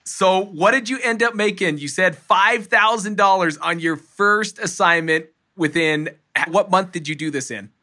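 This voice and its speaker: A man's voice: high voice, moderate pace, hardly any pauses, sharp tone. A man hosting a podcast, enthusiastic and encouraging as he talks to his guest. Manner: hyped, encouraging, laughs often. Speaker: podcast host.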